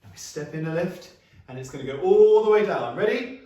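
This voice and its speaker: A man leads children through an action story. His voice sits a little high for a man and stays playful and animated, with sound effects and prompts for the kids to join in. He is set back from the mic in a very echoey room. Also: a little fast, far from the mic, dull audio. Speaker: music practitioner leading children's singing session. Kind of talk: live online action-story warm-up for children.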